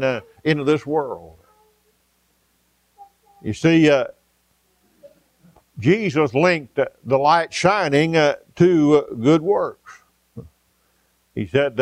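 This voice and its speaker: A man preaching a folksy sermon, pausing often with "uh" and telling homespun stories. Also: a little high, no room sound. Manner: folksy, storytelling, frequent "uh" pauses. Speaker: pastor.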